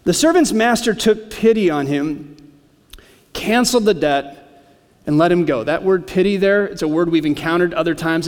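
A man's voice: on the high side, big-room sound. A man preaching a sermon, explaining scripture in a conversational way with casual asides. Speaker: pastor.

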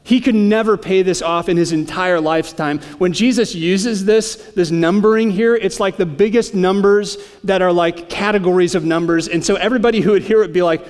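A man's voice: high-pitched, brisk, hardly any pauses, darkish tone, big-room sound. A man preaching a sermon, explaining scripture in a conversational way with casual asides. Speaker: pastor.

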